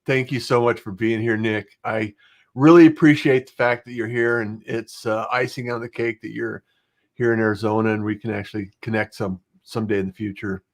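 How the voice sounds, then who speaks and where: Relaxed rambling male podcast host. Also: lowish voice, a little fast. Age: middle-aged. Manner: relaxed, rambling, with frequent fillers. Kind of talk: casual interview chat.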